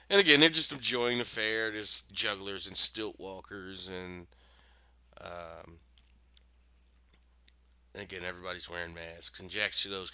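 Animated man recapping a show, lo-fi. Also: fairly low pitch, clear, resonant tone, no echo. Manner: animated, acts out characters' lines in quick voices. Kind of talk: casual recap storytelling. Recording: dull, lo-fi dry sound.

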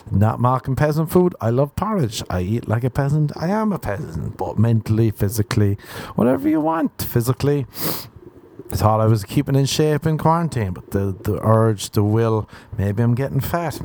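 A man's voice: mid-range voice, a little mellow, a little hiss or hum. A young man hosting a solo podcast, rambling crudely and mocking himself, often laughing at his own jokes. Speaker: podcast host. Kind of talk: solo comedic podcast rant.

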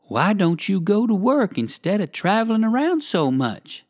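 Tiny, polite red ants from a storybook, played by a reader, helpful and kindly, in a lifted voice that swings widely in pitch. The sound is close and dry. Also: big pitch swings, normal speed, a little mellow, no room sound, close to an everyday voice. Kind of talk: storybook character voice.

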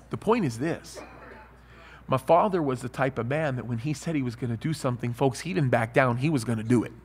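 A man preaching a sermon, telling lively stories and asking his listeners questions. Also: fairly high pitch, big-room sound. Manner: animated storytelling, asks the crowd.

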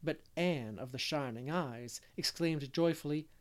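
A man reading a classic novel aloud as narrator, gentle and unhurried, with the odd stumble. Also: on the high side. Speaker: audiobook reader. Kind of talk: storybook narration.

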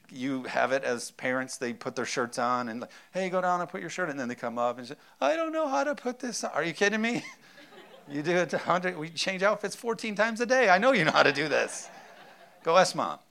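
A man in his thirties preaching a sermon, animated, laughing often and asking the congregation whether they are with him. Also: fairly high pitch. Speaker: pastor.

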